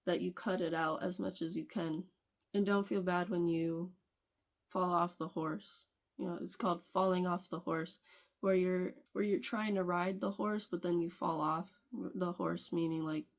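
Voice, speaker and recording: A woman with a somewhat low voice talks straight to the camera in a casual advice vlog. Her phrasing is loose and conversational, full of restarts, and she breaks into light laughs between points. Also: flat delivery, unhurried. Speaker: video creator.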